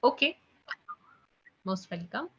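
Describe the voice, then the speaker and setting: Woman tutor on a video call, bright voice, chatty, says guys a lot, muffled call audio. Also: mid-range voice, sing-song, slow, breathy edge. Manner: chatty, keeps saying guys and okay. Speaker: online French tutor. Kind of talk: live online class.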